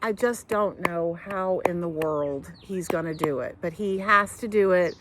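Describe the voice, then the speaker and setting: A woman's voice: lowish voice, a little slow, a little hiss or hum. A middle-aged woman hosting a knitting podcast, chatting casually to camera at home, rambling through tangents and fillers and talking with her hands. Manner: animated, talks with her hands. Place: home couch.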